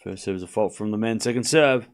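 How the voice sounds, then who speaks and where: A man's voice: lowish voice, quick pace. Casual young man calling tennis live. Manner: relaxed, teasing with chat, breaks into laughter. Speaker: streamer doing live tennis watchalong commentary. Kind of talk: casual live play-by-play commentary.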